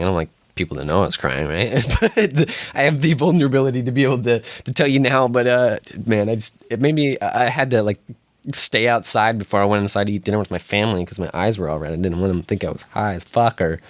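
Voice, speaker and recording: Young male podcast host, lowish voice, dry close sound, loose rambling monologue. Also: lively intonation, a little fast, no room sound. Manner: rambling, self-interrupting, chuckles often. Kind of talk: casual solo podcast monologue.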